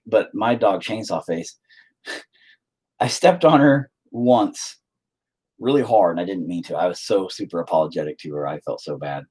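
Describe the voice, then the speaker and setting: A man's voice: low-pitched, normal speed, darkish tone, husky. A man chatting casually while he paints, rambling and joking with frequent swearing. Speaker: painting streamer.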